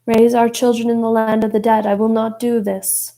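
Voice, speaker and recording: A woman's voice: a little high, little pitch movement, normal speed, dark tone, lightly acted. A woman doing a proud Italian mother. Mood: defiant.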